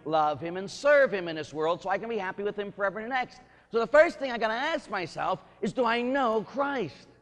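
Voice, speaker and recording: A Catholic priest giving an Easter sermon, swinging from hushed, intimate questions to shouted bursts of joy. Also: male voice, fairly high pitch. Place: church. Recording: church hall reverb.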